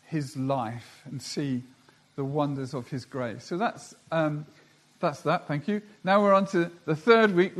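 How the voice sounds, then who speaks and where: A man preaching a sermon, who talks slowly and deliberately and reads scripture aloud. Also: on the high side.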